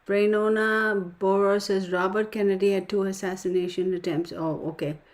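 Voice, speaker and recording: A woman's voice: medium pitch, steady tone, moderate pace. A woman hosting a casual live stream, reading viewer comments aloud, often laughing and exclaiming in surprise.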